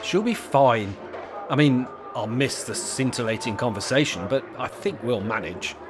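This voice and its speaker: A man's voice: medium pitch, expressive, normal speed, music in the background. A man playing a cantankerous pensioner in a comedy sketch, grumpy, sarcastic and bossy. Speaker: cantankerous old pensioner character.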